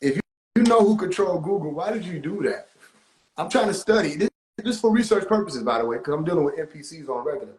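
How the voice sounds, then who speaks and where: A young adult man talking on a phone livestream in an animated, profane way, laughing often. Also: fairly high pitch, quick pace, echoey room, poor audio. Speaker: livestream host. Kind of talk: casual livestream rant.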